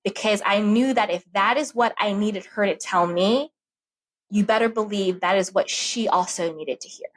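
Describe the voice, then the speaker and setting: A woman's voice: mid-range voice, normal speed, poor audio. A woman guest on a podcast, talking casually and acting out the voices in her head as she tells a story. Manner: animated, acts out her own inner voice.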